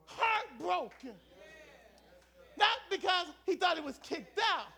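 A male preacher delivering a call-and-response sermon, shouting and chanting lines in rising waves and repeating himself. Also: very high voice, sing-song, takes it slowly, gravelly, pauses often.

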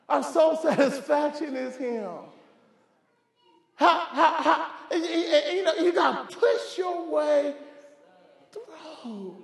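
A male pastor preaching a fervent sermon, often shouting and repeating words as he stammers. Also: extremely high pitch, vocal fry. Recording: echoey church hall.

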